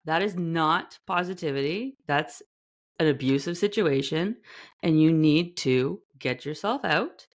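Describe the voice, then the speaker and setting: A woman hosting a self-help podcast, talking earnestly in a casual monologue and acting out little quoted voices. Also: low-pitched. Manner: earnest, talks animatedly, acts out quoted voices. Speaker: podcast host.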